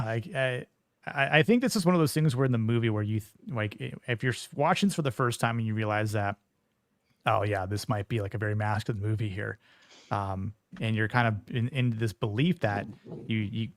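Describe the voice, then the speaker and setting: A man's voice: fairly low pitch, no echo, clean studio sound. A man hosting a casual film discussion, rambling along with lots of fillers and restarts.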